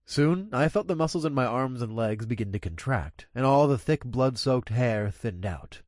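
Guy narrating an audiobook, super animated up n down delivery, dry close recording. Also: mid-range voice, normal speed, no echo. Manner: expressive, energetic storytelling.

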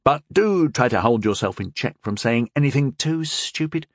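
A man's voice: medium pitch, expressive, normal speed, dry recording, studio quality, pitched above the performer's own voice, natural voice. A man voicing a worldly, drily joking young knight in an audiobook reading. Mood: wry. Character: wry worldly young male knight-mage. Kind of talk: audiobook character voice.

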